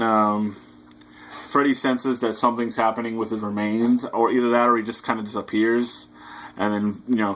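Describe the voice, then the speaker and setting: Low flat-voiced young man rambling. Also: poor audio. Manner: hesitant, loose retelling full of fillers. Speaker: movie reviewer. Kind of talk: casual rambling film recap.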